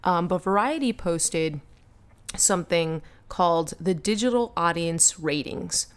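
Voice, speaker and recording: A woman's voice: fairly low pitch, expressive, smooth. A woman co-hosting a fan podcast, chatting casually, giggly and gushing. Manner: giggly, gushing, talks fast. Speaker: podcast co-host.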